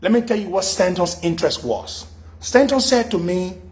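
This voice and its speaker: A man's voice: high voice, moderate pace. A middle-aged man, hosting a radio talk show and telling a long story, acting out the voices of the people he quotes. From Liberia. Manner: animated, acts out quoted dialogue in shifting voices. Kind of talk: storytelling monologue.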